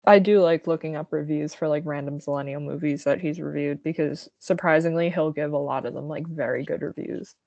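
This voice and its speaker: A young woman with a low, gravelly voice talks in a relaxed, rambling way, full of "like" and "um". The sound is dry and close. It is also dull and lo-fi. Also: brisk, hardly any pauses, no room sound. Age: young adult. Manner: relaxed, lots of "like" and "um". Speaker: podcast co-host. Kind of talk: casual chat. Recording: dull lo-fi audio.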